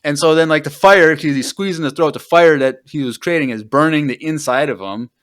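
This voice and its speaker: With a brisk, fairly bright voice on the high side, a man hosts a podcast where he retells a book. The talk is casual and rambling, heavy on fillers, and he trails off as each thought ends.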